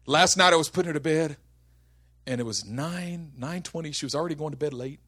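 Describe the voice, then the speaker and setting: A man's voice: fairly high pitch, brisk, bright, forceful tone, breathy edge. A man in his thirties preaching a sermon, telling funny family stories and building to impassioned preaching. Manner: storytelling, humorous then building to impassioned preaching. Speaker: pastor.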